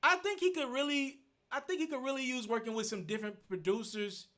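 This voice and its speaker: A man hosting a live stream thinks out loud while answering viewer questions, repeating his points in an earnest, casual manner. His voice is very high-pitched, brisk, pushed, and bright.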